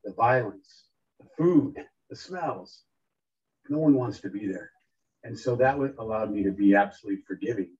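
Husky-voiced lawyer in his fifties, telling stories. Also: lowish voice, moderate pace, distant mic, muffled recording. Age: 50s. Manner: earnest, anecdotal, animated when quoting himself. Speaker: criminal defense lawyer. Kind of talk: reflective storytelling talk.

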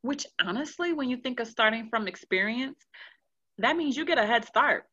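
Loud dramatic woman with a bright voice. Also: on the high side, normal speed, dull audio. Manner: loud, animated, dramatic, swears freely. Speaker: podcast co-host. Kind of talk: casual chat.

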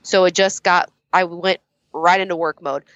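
A woman's voice: fairly low pitch, fairly even intonation, moderate pace, a bit bright, no echo. Candid laughing woman, dull dry sound. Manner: candid, laughing, swears casually. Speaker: guest, competition judge. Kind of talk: casual interview chat.

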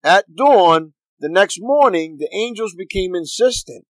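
A pastor reading scripture aloud in a steady, earnest manner. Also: male voice, sits high, a little slow, dry recording, low-quality recording.

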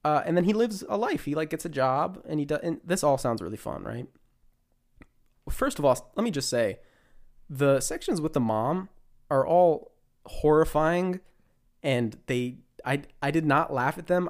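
A man's voice: a little high, animated, moderate pace. Young man rambling through a film recap. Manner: rambling retelling with frequent restarts. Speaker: podcast co-host. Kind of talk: casual film chat.

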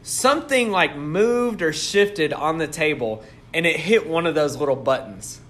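His voice a little high and his pace unhurried, a man co-hosting a podcast animatedly tells a story. It's casual conversation with lots of laughter, and he laughs often himself.

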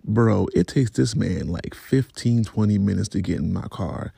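A man's voice: on the low side, normal speed, gravelly, dark tone, husky, dry recording, studio quality. A man vlogger telling a story about his week in a casual, profane, rambling way.

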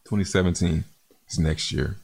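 A man with a very low, gravelly voice hosts a crypto livestream. He reads out viewer comments in a relaxed, chatty way, calling people man and bro. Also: moderate pace. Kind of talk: casual livestream chat reading comments.

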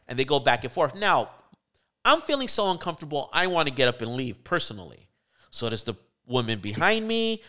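A man tells a story in casual podcast chat, his voice sitting a little high and swinging up and down with lively energy. He slips into the voices of the people he quotes, jumping up sharply to act them out. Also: brisk. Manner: animated storyteller, acts out quotes with pitch jumps. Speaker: podcast co-host telling a story.

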